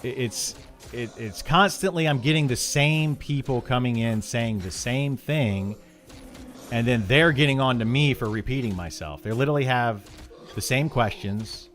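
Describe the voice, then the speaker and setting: A man's voice: mid-range voice, normal speed, a bit bright, soft background music. A man live-streaming and answering chat, frank and opinionated, often restarting his sentences when heated. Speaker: game streamer.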